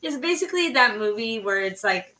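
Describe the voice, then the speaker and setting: Bright-voiced woman chatting a bit off mic. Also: a little high, lively intonation, fairly quick, far from the mic, low-quality recording. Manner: chatty, trailing off, many fillers. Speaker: podcast co-host. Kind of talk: casual movie discussion.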